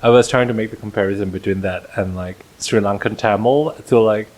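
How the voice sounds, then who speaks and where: A man's voice: fairly low pitch, steady tone, brisk, darkish tone, rough recording. A man talking casually on a podcast, hesitant and full of fillers. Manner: hesitant, heavy use of fillers. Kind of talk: casual chat.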